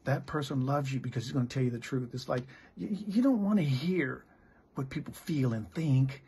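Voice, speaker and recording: Middle-aged American pastor, blunt and candid, with a gravelly, deeply raspy voice. Good for plain-spoken preaching. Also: male voice, lively intonation, normal speed, warm tone. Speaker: pastor and missionary. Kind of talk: candid sermon.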